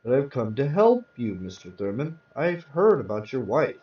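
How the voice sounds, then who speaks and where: A man's voice: medium pitch, sing-song, normal speed, close to an everyday voice. A man reading aloud, voicing a small hospital lab technician who explains things patiently. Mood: explaining. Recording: roomy, distant, dull sound.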